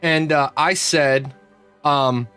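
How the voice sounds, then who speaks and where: A man's voice: a little high, fairly even intonation, very slow, a bit bright, clear, resonant tone, faint music behind. A man hosting a livestream, telling a rambling, profane story with many restarts. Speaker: host. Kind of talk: casual livestream chat.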